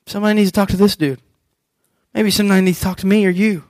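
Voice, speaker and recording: A man preaching a sermon as pastor, animated and acting out scripture scenes. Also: high-pitched, rapid-fire, no echo, rough recording.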